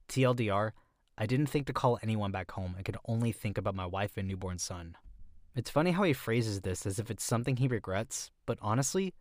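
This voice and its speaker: A man's voice: mid-range voice, no echo. A man reading out online posts in a dry, matter-of-fact way and adding his own comments.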